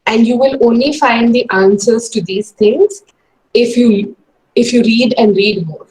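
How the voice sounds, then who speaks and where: A woman's voice: a little high, unhurried, a little mellow, low-quality recording. A woman giving an earnest, encouraging webinar talk to students over a video call, with many hesitations. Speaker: guest speaker.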